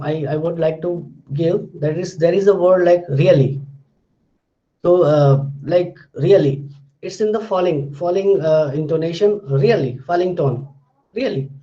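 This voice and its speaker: A man's voice: high voice, mellow, muffled recording. A male lecturer explaining things step by step, repeating his words and examples with frequent fillers. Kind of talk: recorded lecture.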